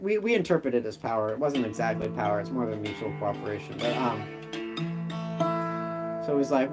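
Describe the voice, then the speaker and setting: A man's voice: mid-range voice, expressive, fairly quick, pauses often, loud music behind the voice. A man hosting a live stream, improvising a story in a rambling, filler-heavy, loose way.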